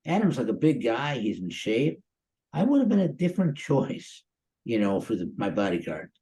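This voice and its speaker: A man's voice: medium pitch, very animated, moderate pace, mellow, breathy edge, low-quality recording. A man in his sixties from the Chicago area, a guest actor telling stories in a casual interview, rambling and upbeat with lots of "you know" and "um". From Chicago area, USA. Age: 60s.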